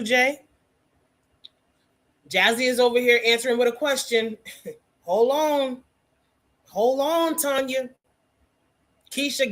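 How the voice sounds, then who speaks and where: A woman hosting a casual hair care livestream, teaching and teasing viewers by name in an animated way. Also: on the high side.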